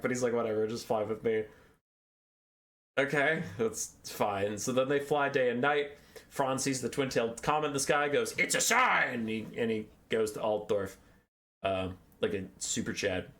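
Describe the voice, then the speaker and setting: Recapping video game lore as host, this man is casual, irreverent, and foul-mouthed. He drifts off topic, and his pitch swings widely.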